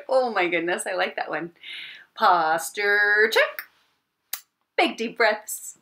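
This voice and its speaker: Music teacher lady on her computer mic, speaks slow and soft, kinda gravelly, sings warmups over piano. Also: medium pitch. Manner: gentle, encouraging, slow and clear, sings warm-ups. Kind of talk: online elementary music class. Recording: piano playing along.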